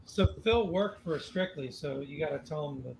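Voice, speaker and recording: A man's voice: on the high side, expressive, moderate pace, gravelly, a crowd in the background, low-quality recording. A man in casual podcast chat, prompting a friend to tell his old stories. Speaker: podcast guest.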